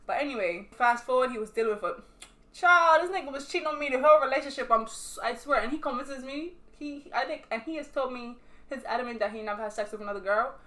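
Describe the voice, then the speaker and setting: A woman's voice: high voice, quick pace. Blunt young Bermudian woman vlogger. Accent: Bermudian, sometimes switching to British. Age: young adult. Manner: blunt, animated storytelling with frequent swearing. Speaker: vlogger answering viewer questions. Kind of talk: casual chat while sipping wine.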